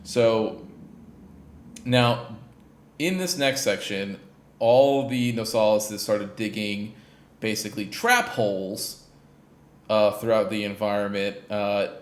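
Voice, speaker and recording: A man's voice: on the low side, takes it slowly, pauses often. A man hosting a gaming podcast, casually recapping a game in a rambling way, in a roomy echoey space. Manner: rambling, lots of fillers and restarts. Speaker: podcast host. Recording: roomy echo.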